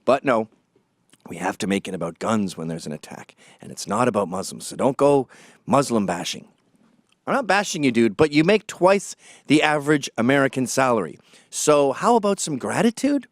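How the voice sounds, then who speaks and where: A man delivers a combative, sarcastic monologue, and his voice swings widely up and down in pitch. The recording is dry and close, with no room sound at all. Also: sing-song, moderate pace, no echo. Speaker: political commentator. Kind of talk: opinionated monologue.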